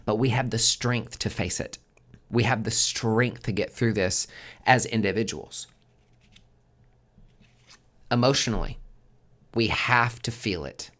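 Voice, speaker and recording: A man's voice: on the low side, fairly bright tone. A man hosting a monthly tarot forecast in a casual spoken monologue, swearing constantly and driving his points home with emphatic repetition.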